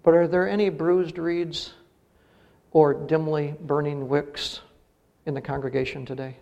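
A man's voice: a little high, steady tone, a little slow, creaky, darkish tone, muffled recording. A middle-aged male pastor preaching a sermon, earnest and building to emphatic peaks on key phrases. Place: church sanctuary. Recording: long reverb of a church hall.

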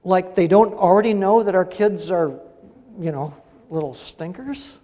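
The voice belongs to a middle-aged pastor giving a sermon in a church sanctuary: high-sitting, unhurried, and mellow, with the highs cut off in the recording. Earnest throughout, he builds to emphatic peaks on key phrases against the long reverb of a church hall.

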